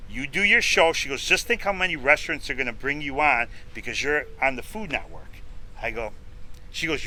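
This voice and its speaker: This podcast guest is a middle-aged man from upstate New York who hosts a food show, and he tells a long story in a casual interview, acting out each side of the conversations. His slightly high voice comes across as pushed and bright over a rough recording.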